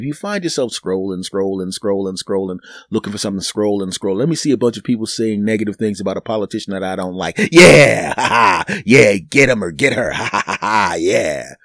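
A man's voice: on the low side, darkish tone, dry recording, clean studio sound. A man hosting his own podcast, rambling through a comic solo monologue and acting out imagined conversations in exaggerated voices. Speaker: podcast host.

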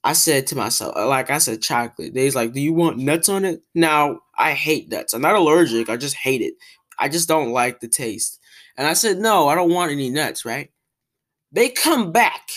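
Young woman host, lower voice, exasperated casual rant, animated. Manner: exasperated, animated ranting with repeated fillers. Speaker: podcast host. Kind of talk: casual ranting monologue.

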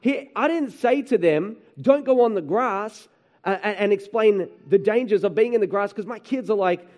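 A man preaching a sermon, telling animated stories about his children and often asking the room "right?". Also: high voice, normal speed. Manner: animated storytelling, acts out his kids and himself, frequent "right?". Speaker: pastor.

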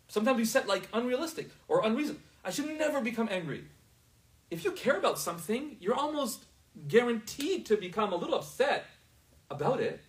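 A man's voice: high voice, distant mic, rough recording. Man teaching a class from across the room. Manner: asks the class often if they understand.

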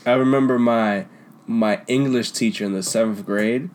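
A young man telling stories from school in a casual, slangy chat, laughing often and trailing off into quieter mumbles. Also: medium pitch, fairly even intonation, normal speed. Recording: faint background noise.

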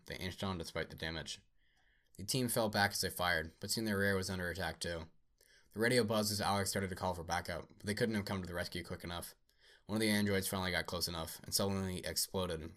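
Deep voiced guy reading a sci-fi story out loud, steady with small slips. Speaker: narrator.

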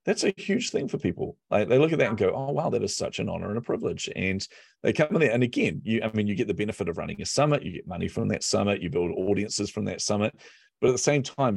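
A man who coaches business and marketing, chatting as a podcast guest from his office, telling animated stories and laughing often. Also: on the low side, fast, vocal fry, slightly rough, no echo, clean studio sound. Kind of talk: casual podcast conversation.

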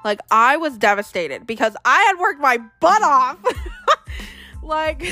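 Young woman, higher voice, casual storyteller who acts out the people she quotes, faint music under her voice. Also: pushed and bright. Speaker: vlogger.

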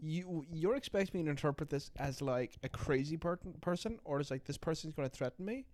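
A young man in casual, profane conversation, telling stories and speculating with animated energy. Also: fairly high pitch, a little fast, no echo. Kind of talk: casual chat.

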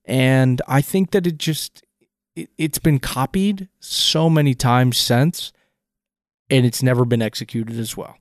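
A man's voice: mid-range voice, a little slow, no room sound, studio quality. A man co-hosting a casual podcast, picking apart a film scene with enthusiastic, rambling analysis and frequent restarts. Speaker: podcast co-host.

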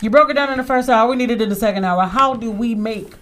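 A woman's voice: fairly high pitch, fast, fairly bright tone. Upbeat woman hosting a radio show. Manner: upbeat, emphatic, slangy. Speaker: host.

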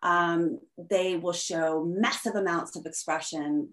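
A woman speaks as an interview guest, in a slightly low voice. She explains at length in an animated way, with many fillers and restarts. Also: takes it slowly. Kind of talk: conversational interview.

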